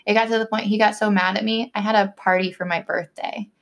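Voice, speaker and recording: A young woman with a mid-range voice chats quickly and casually, her intonation fairly even as she strings her story together with endless "like" fillers. She acts out little bits of what people said, keeping everything loose and conversational.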